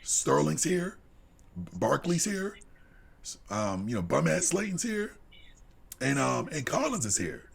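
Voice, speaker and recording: Man ranting hard, wildly swinging pitch. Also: huge pitch swings, measured pace, creaky, pauses often. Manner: heated, swings from low mutter to shouting. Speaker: podcast co-host. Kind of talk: profane sports rant.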